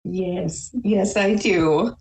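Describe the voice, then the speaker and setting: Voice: mid-range voice, steady tone, extremely slow, creaky, darkish tone. A player voicing a genteel pie contestant, sweet and drawn out.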